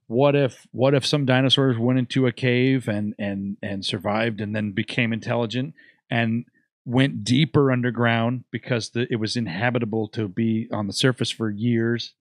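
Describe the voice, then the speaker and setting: A man, a podcast host, musing in casual chat with many halting restarts. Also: medium pitch, fairly even intonation, no room sound, clean studio sound.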